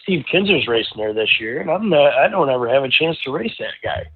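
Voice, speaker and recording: Male guest, chatty rambling storyteller, mid-pitched, phone-quality audio. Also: fairly quick. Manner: rambling, animated storyteller with many restarts. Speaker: racing driver guest. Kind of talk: casual storytelling interview. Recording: tinny phone-like line.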